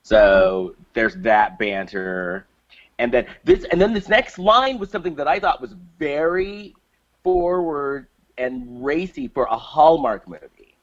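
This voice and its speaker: A man's voice: medium pitch, slow, muffled recording. A man co-hosting a casual podcast, recapping a movie plot with lots of fillers and restarts. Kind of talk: casual chat.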